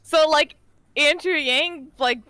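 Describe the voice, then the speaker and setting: A woman's voice: high voice, slow, bright, forceful tone, no echo. A young woman co-hosting a casual podcast, ranting with frequent laughter. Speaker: podcast co-host. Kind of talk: casual chat and ranting commentary.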